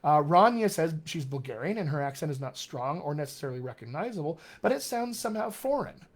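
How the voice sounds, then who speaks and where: Very animated and brisk, with a voice on the high side, a middle-aged dialect coach teaches in a live online Q&A. He talks straight to his audience, cheerful and encouraging.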